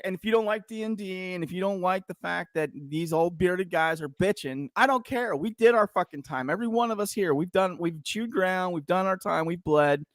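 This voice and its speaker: A man's voice: sits high, brisk, hardly any pauses, no echo. Fired-up, foul-mouthed middle-aged man ranting. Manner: heated, profane, shouting rant. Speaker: podcast co-host, veteran. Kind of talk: casual podcast rant.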